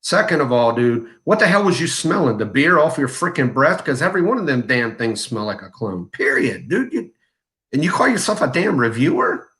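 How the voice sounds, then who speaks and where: A man's voice: mid-range voice, very animated, moderate pace, a bit bright. A man co-hosting a live fragrance show, ranting in a blunt, mocking and crude way. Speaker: co-host of a fragrance review livestream. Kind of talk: heated livestream rant.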